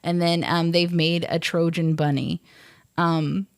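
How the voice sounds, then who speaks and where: Woman podcaster retelling a movie, lowish voice, dry close sound, lots of um and like. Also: flat delivery, measured pace, smooth, no echo. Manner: chatty, retells scenes with frequent "like" and "um". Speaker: podcast co-host. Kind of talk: casual movie recap.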